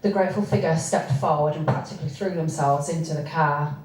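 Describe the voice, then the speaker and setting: A woman reading from her own novel, with hesitant spoken asides between steady passages. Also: low voice, a little fast, few pauses. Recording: echoey room, distant mic, faint noise.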